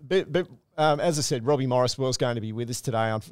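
A smooth-voiced Australian man hosts a podcast in a relaxed, chatty way. He sounds close to the mic in a dry room. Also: medium pitch, quick pace, dry recording. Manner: chatty storyteller, relaxed banter. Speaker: podcast host. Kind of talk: casual chat.

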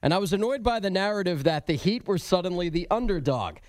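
A man's voice: high voice, lively intonation, fast, a little mellow, no echo, clean studio sound. Chatty male sports radio co-host. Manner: chatty, teasing, reads the update plainly. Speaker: sports update anchor and co-host. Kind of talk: sports radio update and banter.

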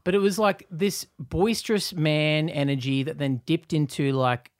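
An Australian man from Newcastle co-hosting a comedy podcast, telling stories in an animated, laughing way. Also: on the high side, no echo, studio quality. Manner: animated storyteller, quick to laugh. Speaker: podcast co-host. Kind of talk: casual comedic chat.

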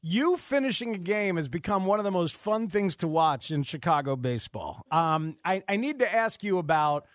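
A man interviewing a ballplayer, upbeat and laughing easily. His voice sits high for a man. The sound is close and dry, with no room around it. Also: animated, no room sound. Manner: upbeat, laughing, quick questions. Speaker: interviewer, sports show host. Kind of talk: casual interview.

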